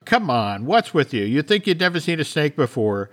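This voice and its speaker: A man's voice: on the high side, very animated, moderate pace, a bit bright. A man voicing a wry, unflappable male adventurer hero who tosses off dry quips. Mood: teasing.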